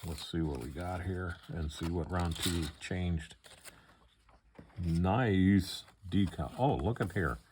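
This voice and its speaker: Older man with a low voice, rambling. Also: measured pace, few pauses, a little hiss or hum. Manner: relaxed, rambling, with many fillers and restarts. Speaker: model kit hobbyist. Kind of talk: casual unboxing commentary.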